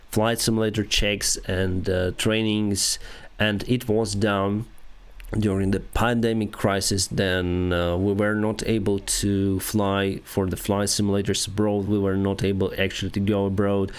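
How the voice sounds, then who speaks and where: A Ukrainian-accented man chats casually on a livestream, answering viewer questions. His voice sits low, and he speaks slowly with many pauses and restarts as he searches for words. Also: level tone, clean tone. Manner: halting, many restarts and fillers, reads comments aloud. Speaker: airline pilot and livestream host. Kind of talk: casual livestream chat reading viewer comments.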